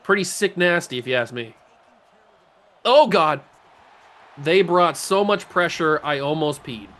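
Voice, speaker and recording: A man hosting a gaming channel, giving joking play-by-play commentary on his own video game, talking to himself and swinging between mutters and excited yells. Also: a little high, normal speed.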